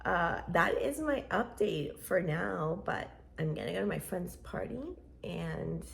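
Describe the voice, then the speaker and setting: A woman's voice: lowish voice, animated, a little slow, vocal fry, fairly bright tone, a little hiss or hum. A woman vlogger rambling casually to her viewers in a chatty, playful way, laughing often. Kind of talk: casual rambling vlog chat.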